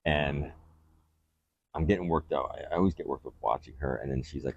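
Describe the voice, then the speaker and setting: Very deep, gravelly-voiced man. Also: a little fast, muffled recording, slight background noise. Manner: rambling, candid, crude storytelling. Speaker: podcast co-host. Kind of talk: candid casual storytelling.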